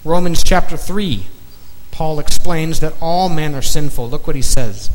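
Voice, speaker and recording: A man preaching a sermon in slow, emphatic phrases, dropping to a near-whisper on key words. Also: a little high. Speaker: pastor. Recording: long reverb of a large hall, faint noise.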